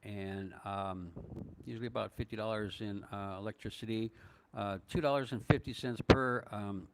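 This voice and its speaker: A man's voice: on the low side, fairly even intonation, moderate pace, very noisy. An older man from northern Minnesota answering viewers' questions in a casual live stream, rambling and hesitant with many fillers and chuckles. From northern Minnesota, USA. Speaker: vlogger answering live chat.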